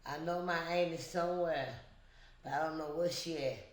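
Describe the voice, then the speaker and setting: A woman guest in a casual chat, telling a story earnestly and slowly, often adding "you know". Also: deep voice, steady tone. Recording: echoey room.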